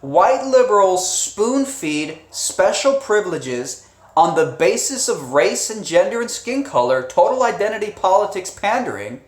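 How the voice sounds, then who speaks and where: A man's voice: high voice, very animated, a little slow. A man hosting a casual live stream, talking loosely with restarts, chuckles and swearing. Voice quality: rambling, with frequent restarts and profanity. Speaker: live streamer and channel host. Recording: roomy echo.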